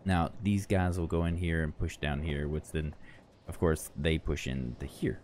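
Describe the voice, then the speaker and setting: A man's voice: extremely low pitch, steady tone, normal speed, a little mellow, slight background noise. A tired man giving rambling, chatty commentary over his own gameplay, often correcting himself as he goes. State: tired, yawning. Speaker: gaming channel host.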